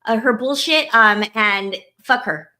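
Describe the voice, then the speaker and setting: A woman with a bright, slightly high voice rants in a casual podcast chat. She is heated and profane and leans on "like" all the time. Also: measured pace. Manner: heated, profane, lots of "like" fillers. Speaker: podcast co-host.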